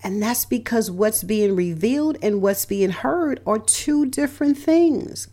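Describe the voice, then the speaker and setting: A woman's voice: a little high, lively intonation, measured pace, mellow. A middle-aged woman, a radio host and relationship counselor, giving motivational talk in an emphatic, repetitive way, hammering home points with lists. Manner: emphatic and repetitive, stressing key words with lists.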